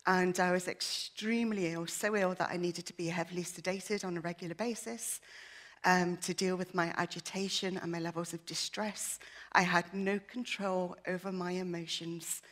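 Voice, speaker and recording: A woman's voice: on the low side, fairly even intonation, moderate pace, a bit bright. A woman giving an earnest, emotional personal testimony in church, her voice shaky at times. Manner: earnest, emotional, with many fillers.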